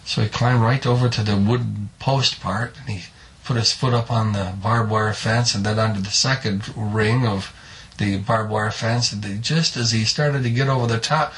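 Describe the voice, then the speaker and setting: A man telling a folksy story in a drawn-out, homespun way, adding spoken sound effects. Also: lowish voice, steady tone, fairly bright tone.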